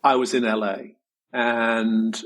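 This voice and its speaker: A man's voice: mid-range voice, flat delivery, takes it slowly, fairly bright tone, rough recording. A middle-aged man, a guest on an interview show, reflectively and earnestly telling a personal story, swearing casually now and then. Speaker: guest, designer.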